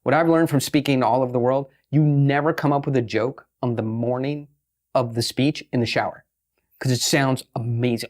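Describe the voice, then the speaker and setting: A man speaking as a podcast guest, brash and profane, talking in fast bursts and slowing down to stress a point. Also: medium pitch. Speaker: guest, pitching expert. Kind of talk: podcast interview talk.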